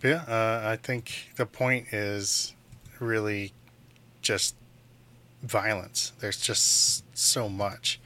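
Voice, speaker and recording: A man's voice: on the low side, fairly even intonation, very slow, bright, forceful tone. A man guest on a podcast, talking casually and playfully about a film. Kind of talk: casual movie discussion.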